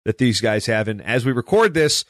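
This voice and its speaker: A man's voice: mid-range voice, big pitch swings, moderate pace, no room sound, studio quality. A man hosting a conversational interview, telling rambling stories in a chatty way. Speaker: podcast host.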